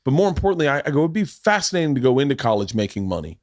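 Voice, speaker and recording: A man in his forties holds forth as a podcast host, his voice at an ordinary middle pitch. He tells stories with lively energy and swears freely. The sound is dry and close, with no room around it. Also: very fast, dry recording. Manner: animated storyteller, swears freely. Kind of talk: casual chat. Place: podcast studio.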